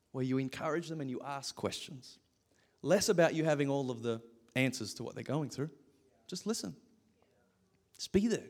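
A young pastor preaches with a high, light voice. He tells stories about himself in a self-deprecating way and breaks into laughter often, keeping his sermon casual.

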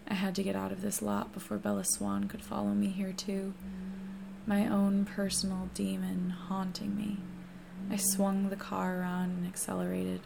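A woman reads a first-person novel aloud in a hushed, steady voice that often sinks to a whisper. Her tone stays flat, with a strong gravelly fry, and a faint hiss of noise sits underneath. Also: medium pitch, normal speed. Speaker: audiobook reader.

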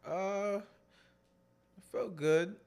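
A man's voice: high-pitched, very slow, vocal fry, darkish tone, smooth. A man co-hosting a podcast in casual chat, laid-back and joking, often trailing off mid-thought. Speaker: podcast co-host.

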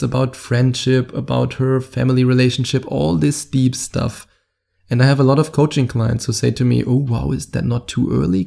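Upbeat German-accented dating coach, gravelly. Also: male voice, mid-range voice, dark tone. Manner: upbeat and salesy, playful asides. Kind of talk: direct-to-camera coaching talk.

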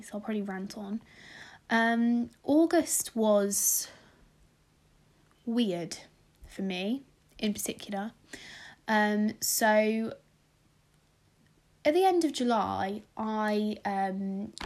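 A woman's voice: mid-range voice, slow, a little mellow. A young woman with a British accent, telling her own story in a casual, rambling monologue with asides that drop nearly to a whisper. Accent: British English. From Britain. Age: young adult.

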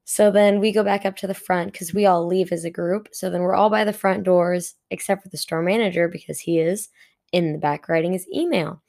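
A woman's voice: fairly low pitch, steady tone, fairly quick, vocal fry, darkish tone. Chatty young woman telling a story. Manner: chatty, giggly, full of "like" fillers. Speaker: retail worker telling a story. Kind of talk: casual storytime monologue.

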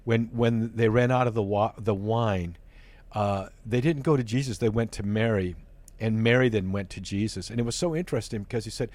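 A man's voice: on the low side, fairly quick, darkish tone. A man hosting a faith talk show, speaking earnestly and often repeating words as he searches for phrasing. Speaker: host.

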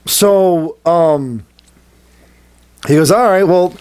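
A man's voice: a little high, very slow, clean tone. Laughing man telling a story. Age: adult, has a son. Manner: animated, laughs often, acts out quotes. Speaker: podcast co-host telling a story. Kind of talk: casual storytelling chat.

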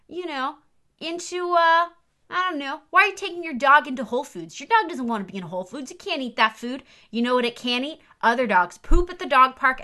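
A woman's voice: on the high side, sharp tone. A woman delivering a comic monologue rant, sarcastic and emphatic in an exasperated way. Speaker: comedic ranter.

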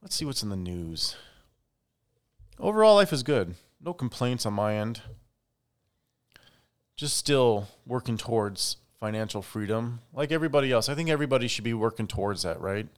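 A man's voice: fairly low pitch, moderate pace, long pauses, clean tone. Chatty opinionated man hosting a podcast. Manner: chatty, opinionated, animated asides. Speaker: podcast host. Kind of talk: casual solo podcast monologue.

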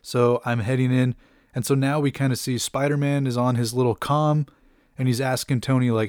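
A man's voice: mid-range voice, steady tone, moderate pace, a little mellow, dry recording, clean studio sound. A young man casually recapping a comic book, chatty with many fillers and asides.

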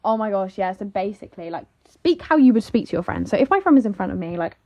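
A woman's voice: mid-range voice, very animated, fast, warm tone. Chatty young woman, lo-fi sound. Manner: chatty, lots of "like" and "literally". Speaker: vlogger. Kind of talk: casual chat. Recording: slightly dull lo-fi audio.

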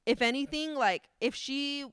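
A young woman co-hosting a podcast, telling a story in a casual, animated way with a lot of slang and swearing. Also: sits high, unhurried, dry recording. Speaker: podcast co-host. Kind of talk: casual chat.

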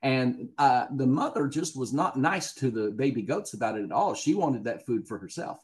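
Southern male guest, chatty raconteur, laughs through his anecdotes, mid pitch. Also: expressive, moderate pace. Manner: chatty storyteller, laughs often. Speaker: guest actor. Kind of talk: casual podcast interview.

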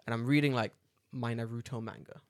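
A man with a London accent rattles along at a quick clip, swearing freely and acting out quotes as he tells his stories. His voice sits at an ordinary middle pitch, recorded close and dry with no room around it. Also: no echo. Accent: London English. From United Kingdom. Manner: swearing, animated storytelling with acted-out quotes. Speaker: podcast co-host. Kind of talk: casual chat.

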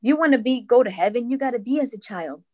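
A woman's voice: a little high, expressive, fast, dark tone, highs cut off. A woman in her thirties, a mother telling a personal story in casual conversation, earnest and reflective with frequent restarts. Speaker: podcast guest.

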